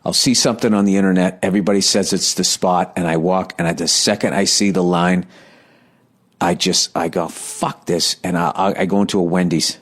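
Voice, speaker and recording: A man in his thirties talks through a comic monologue in a somewhat low voice. He swears constantly, restarts his sentences, and pokes fun at himself as he retells the story. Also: brisk, slightly rough. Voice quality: heavy profanity, rambling storytelling with restarts. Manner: self-deprecating, animated retelling. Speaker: comedian. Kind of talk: casual comedic monologue.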